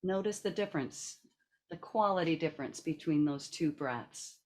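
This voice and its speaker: A woman's voice: deep voice, normal speed, darkish tone. A woman leading a seated laughter and breathing exercise over a video call, coaxing and playful, laughing often. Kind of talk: guided group exercise.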